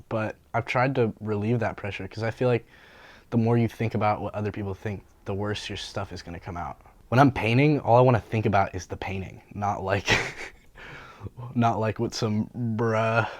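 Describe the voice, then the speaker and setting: A man's voice: fairly low pitch, moderate pace, no echo. Young man telling a profane, laughing story. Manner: animated, profane, laughs often, slangy. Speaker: graffiti artist and painter. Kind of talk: casual storytelling interview.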